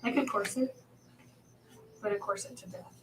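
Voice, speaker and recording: A woman playing a tabletop game, talking in a chatty way with quick reactions. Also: mid-range voice, fairly even intonation, far from the mic, a little hiss or hum, poor audio. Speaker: player. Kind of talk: casual tabletop play.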